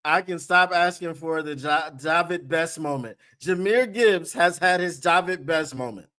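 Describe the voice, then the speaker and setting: A man hosting a live sports watch-party stream, often shouting and whooping with excitement and laughing. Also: on the high side, unhurried.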